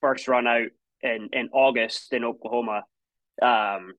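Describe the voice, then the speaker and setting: A man's voice: medium pitch, steady tone, a little slow, fairly bright tone, dry recording, lo-fi sound. A Scottish man in his thirties, a former college runner, telling stories casually in an interview, with many restarts and fillers. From Scotland.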